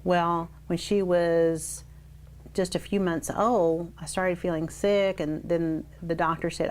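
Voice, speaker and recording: Older woman, lowish voice, reminiscing in an interview, animated, acts out quoted people, faint hiss. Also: takes it slowly. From South Texas. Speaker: oral history interviewee. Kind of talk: reminiscing storytelling.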